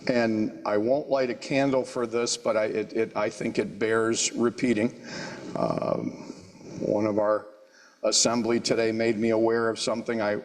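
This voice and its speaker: A man leading a church service, making wry jokes and halting on fillers. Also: lowish voice. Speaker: service leader. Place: church sanctuary. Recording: long reverb of a church hall.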